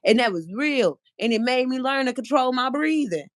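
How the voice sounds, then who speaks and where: A woman's voice: sits high, expressive, moderate pace. A woman guest in casual chat, telling personal stories in an earnest, reflective way. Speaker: podcast guest.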